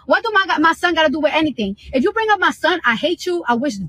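Fast, high-pitched young woman ranting. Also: expressive, pushed and bright, rough recording. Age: 20s. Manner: heated, profane, venting. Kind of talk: angry livestream rant.

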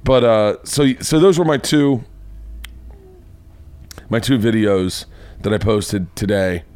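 A man hosting a comedy podcast, telling a story as a loose, swearing monologue whose voice jumps higher when he gets worked up. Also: slow, darkish tone, clean tone, no room sound. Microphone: podcast mic.

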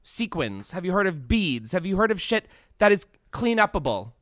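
A man's voice: high-pitched, very animated, normal speed, a bit bright, no echo. A man hosting a podcast from a studio set, ranting in casual, profane, exasperated chat. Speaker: podcast host.

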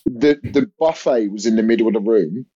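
A man's voice: lowish voice, brisk, slightly rough. Rambling young man telling a comedy story. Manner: rambling, animated storytelling with lots of fillers and restarts. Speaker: comedian guest. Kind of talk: casual anecdote on a podcast. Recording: dull lo-fi audio.

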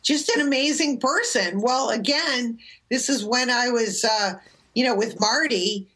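Animated woman telling stories. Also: a little high, measured pace. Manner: animated anecdotal storytelling with impressions. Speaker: interview guest. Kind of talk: storytelling chat.

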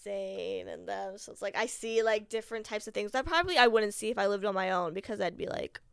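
A woman in her twenties, a podcast guest telling animated stories and filling nearly every phrase with "like". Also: medium pitch, fairly quick, vocal fry, clear, resonant tone, no echo. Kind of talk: casual storytelling chat.

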